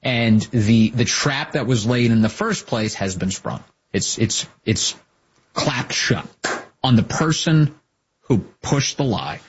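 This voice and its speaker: A man's voice: mid-range voice, animated, slow pace, muffled recording, a little hiss or hum. A man hosting a political commentary show, talking sarcastically and mocking people with put-on voices.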